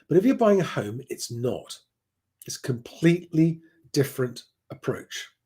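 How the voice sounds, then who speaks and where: A man's voice: on the high side, sing-song, unhurried, warm tone, slightly rough. A man hosting a casual live stream at home, rambling and chatty as he answers viewer comments, often restarting his sentences. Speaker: livestream host reading viewer comments.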